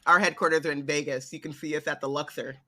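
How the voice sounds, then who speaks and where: A woman's voice: low voice, fairly even intonation, fast talker, bright, forceful tone. A woman co-hosting a podcast, joking and laughing often in a casual book chat. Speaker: podcast co-host.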